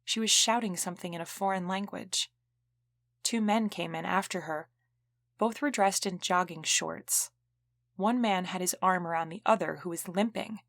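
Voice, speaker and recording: A woman narrating an audiobook in an even, clear storytelling manner. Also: on the low side, moderate pace, dry recording. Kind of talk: scripted narration.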